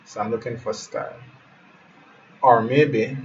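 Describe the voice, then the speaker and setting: A man's voice: mid-range voice, moderate pace, fairly bright tone. A man teaching web design in a live screen-share tutorial, thinking aloud and often calling his viewers guys. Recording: muffled, distant mic with faint hiss.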